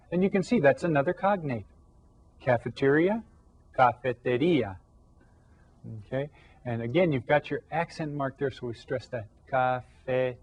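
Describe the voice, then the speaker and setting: A man with a slightly husky, mid-pitched voice teaches young children a recorded Spanish lesson. He explains patiently and slows down to draw out each new word for them to repeat. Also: muffled recording. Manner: slow, drawn-out modeling of Spanish words. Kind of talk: televised classroom lesson for children.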